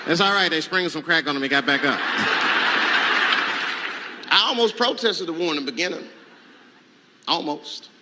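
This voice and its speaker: A male stand-up comedian telling profane stories, swinging from low mutters to loud outbursts. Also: moderate pace, pauses often. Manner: profane, animated, leaps between muttering and shouting. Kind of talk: stand-up storytelling. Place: live comedy stage. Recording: noisy live stage recording.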